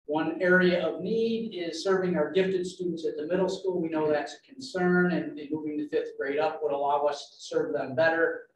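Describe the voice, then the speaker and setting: A man's voice: fairly high pitch, moderate pace, few pauses. A man, a school administrator, methodically walks a board through an update at a public meeting, picked up from a distance in a large room. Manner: steady, methodical, walks through points in order. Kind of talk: informational presentation at a public meeting. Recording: very echoey meeting room from far off, faint noise.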